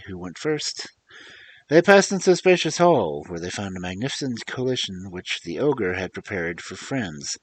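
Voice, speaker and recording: A man reading fairy tales aloud as a storyteller, expressive and theatrical, with chatty asides to his listeners, on a desk microphone. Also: on the low side, breathy edge.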